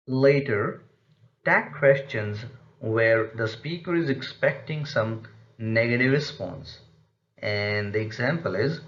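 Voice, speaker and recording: A man's voice: medium pitch, lively intonation, unhurried, a bit bright, highs cut off. A man teaching an English pronunciation lesson, explaining step by step and repeating example phrases.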